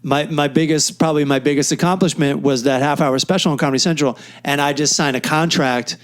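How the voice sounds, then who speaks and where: Middle-aged guy, comic, kinda high voice, rambling stories, laughs at himself a lot. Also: fairly even intonation, brisk. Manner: laughs often, self-deprecating, tells anecdotes. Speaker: comedian and podcast co-host. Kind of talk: casual podcast chat.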